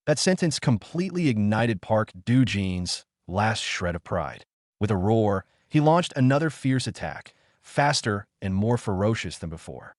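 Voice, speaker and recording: Lively low-voiced male recap narrator. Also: normal speed, no echo, clean studio sound. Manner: punchy, hype-driven storytelling. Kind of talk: dramatic webcomic recap narration.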